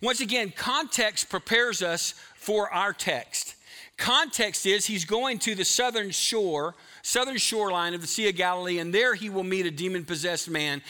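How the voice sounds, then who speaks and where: Middle-aged pastor guy preaching, high bright voice, emphatic, goes loud then quiet. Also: moderate pace. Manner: emphatic, swings from loud to hushed. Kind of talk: sermon.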